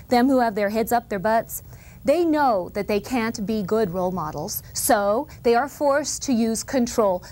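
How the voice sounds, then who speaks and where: A woman hosting a show, delivering a playful comic monologue that speaks for children to their parents, with sarcastic quips and asides. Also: a little high. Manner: quips with asides and short laughs. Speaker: TV show host. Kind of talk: comic monologue spoken to the camera.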